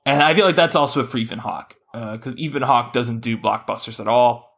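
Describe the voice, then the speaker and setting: A man hosting a casual podcast chat, rambling and correcting himself as he talks with animated shifts. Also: mid-range voice, fairly quick, vocal fry. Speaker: podcast host.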